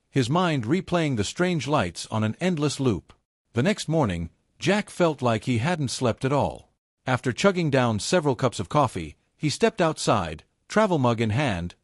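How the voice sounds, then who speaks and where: A man reading a story as its narrator in a measured, descriptive way. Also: mid-range voice, dry recording, clean studio sound.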